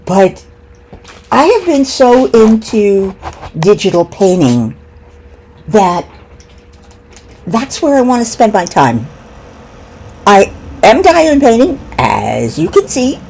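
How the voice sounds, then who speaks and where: A woman's voice: medium pitch, sing-song, takes it slowly, creaky, long pauses, a little mellow, slight background noise, rough recording. A middle-aged woman vlogging casually at home, giggling often and rambling while she eats breakfast. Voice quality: giggly, laughs between words. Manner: rambling, talks with mouth full over breakfast. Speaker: craft vlogger. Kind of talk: casual chat.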